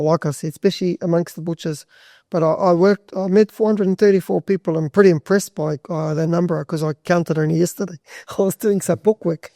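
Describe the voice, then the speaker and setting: A man's voice: high-pitched, dark tone, no room sound, studio quality. A man, a butcher and guest on a podcast, telling stories in a rambling, casual way with plenty of swearing. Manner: rambling, swears freely, restarts sentences. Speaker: butcher and charity walker, guest. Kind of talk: casual storytelling.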